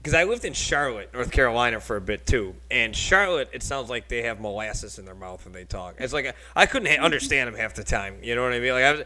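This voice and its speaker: A man's voice: mid-range voice, lively intonation, fast, hardly any pauses, sharp tone, slight background noise, rough recording. A man hosting a casual podcast, telling rambling stories and laughing often. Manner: chatty rambling storyteller with frequent laughs. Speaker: podcast host.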